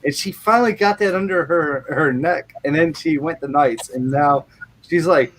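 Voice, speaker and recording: A man's voice: fairly high pitch, moderate pace, a bit bright. A man hosting a live show, telling rambling everyday stories and swearing freely in casual chat.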